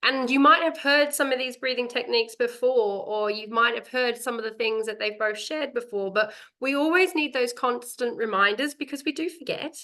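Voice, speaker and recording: Bright, high-voiced woman event host. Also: moderate pace, few pauses. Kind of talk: event hosting.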